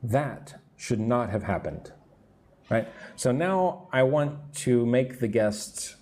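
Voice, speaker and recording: With a dark tone and a mid-range voice, a man who lives in Vietnam teaches English live, explaining words slowly and checking in with the class. Construction work is going on near his room.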